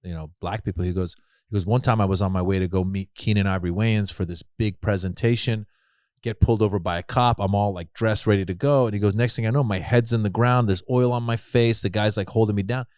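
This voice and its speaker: A man's voice: lowish voice, quick pace, clean tone, dry recording, studio quality. A middle-aged man, a comedian guest on a podcast, telling stories in casual chat and acting out the voices of the people he quotes. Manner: animated storyteller, acts out quoted voices.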